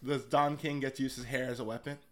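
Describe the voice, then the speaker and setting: A man co-hosting a podcast, tossing out jokes and quick quips in casual banter. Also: medium pitch, fairly even intonation, a bit bright. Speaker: podcast co-host.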